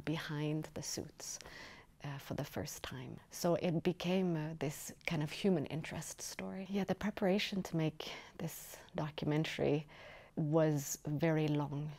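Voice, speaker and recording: A woman with a low, mellow voice and a gravelly edge, speaking in a festival interview. She talks about her work in a reflective, measured way, taking time to find her words. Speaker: documentary filmmaker.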